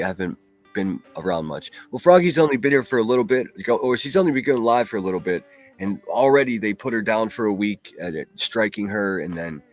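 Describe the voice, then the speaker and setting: A man hosting a casual solo livestream, reading viewer comments aloud and talking bluntly with plenty of profanity. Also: lowish voice. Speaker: livestream host.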